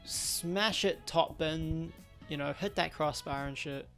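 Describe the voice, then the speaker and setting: A man's voice: fairly high pitch, slow pace, a bit bright, soft background music. A young man, hosting a podcast and giving blunt, slangy opinions in casual chat. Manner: blunt and slangy, laughs at his own jokes. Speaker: podcast host.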